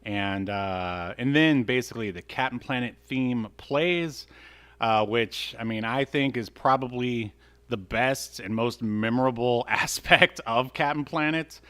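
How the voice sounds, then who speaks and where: A man's voice: medium pitch, a little slow, fairly bright tone, clean tone. A man co-hosting a podcast, chatting casually about an old cartoon with plenty of fillers and asides. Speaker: podcast co-host.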